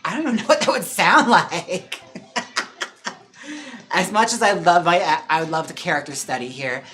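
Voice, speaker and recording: A man hosting a livestream in casual chat, talking with lots of fillers and quick laughs. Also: sits high, over music. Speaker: live-stream host. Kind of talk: casual chat during a wig-styling livestream.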